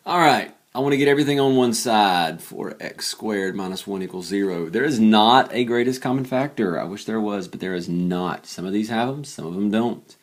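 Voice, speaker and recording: Late at night, a weary man teaches math by solving examples aloud in a chatty, self-deprecating way, laughing off his slip-ups. He has a fairly low voice, speaks at normal speed, and rarely pauses.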